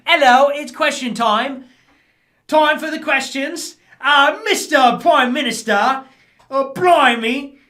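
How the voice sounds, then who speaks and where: A man voicing a fussy, mock-posh British parliament official who talks haltingly. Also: extremely high pitch, bright, forceful tone, pitched above the performer's own voice, full character voice.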